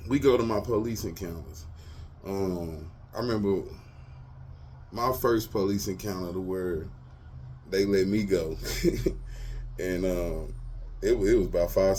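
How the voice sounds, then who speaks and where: A deep-voiced man talks through his own stories. His delivery is relaxed and slangy, full of asides to the listener. A faint ambient noise sits under the voice. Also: a little slow, long pauses. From Texas, US. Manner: loose slangy talk, lots of "you feel me". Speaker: show host. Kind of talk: casual personal storytelling.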